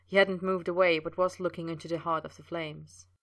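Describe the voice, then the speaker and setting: A woman reading a fan fiction story aloud in steady, unhurried narration. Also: fairly low pitch. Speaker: reader.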